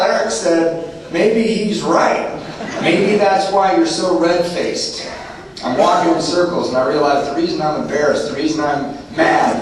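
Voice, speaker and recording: A man's voice: fairly high pitch, a little hiss or hum. A man in his thirties speaking at a recovery meeting, telling his story candidly with self-mocking humor. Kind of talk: personal testimony talk. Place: meeting room. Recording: echoey hall, distant mic.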